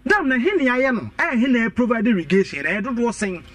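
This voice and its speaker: On a radio talk show, this Ghanaian-accented man debates politics with great animation, switching between Twi and English and hammering home the same points again and again. He speaks a little fast in a very high-pitched, slightly bright voice, recorded on a distant mic with no echo.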